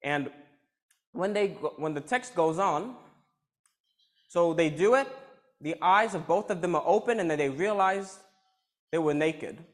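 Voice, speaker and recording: A man's voice: a little high, measured pace, long pauses. Man preaching a Bible sermon. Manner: explanatory, reads scripture then comments.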